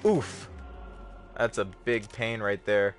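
A man's voice: fairly low pitch, takes it slowly, music in the background. Jokey young man narrating gameplay. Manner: jokey, excitable, sudden yelps. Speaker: livestream host. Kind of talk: casual gameplay commentary.

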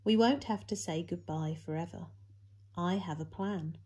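A woman voicing a calm, kind male teacher in a children's Bible story, speaking reassuringly. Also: on the low side, moderate pace, husky, muffled recording. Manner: calm and reassuring, rising to a commanding call. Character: calm, kind male teacher who keeps his promises.

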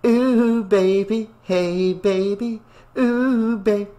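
A man's voice: a little high, steady tone, normal speed. Brief: a playful, teasing young woman with a lifted voice, put on by a male narrator. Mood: singing softly. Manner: teasing, sings softly.

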